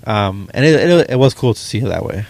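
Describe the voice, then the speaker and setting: A man's voice: on the low side, animated, brisk, gravelly, darkish tone, no room sound. A man co-hosting a casual chat, hesitant, with many ums and restarts. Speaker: podcast co-host. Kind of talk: casual chat about movies.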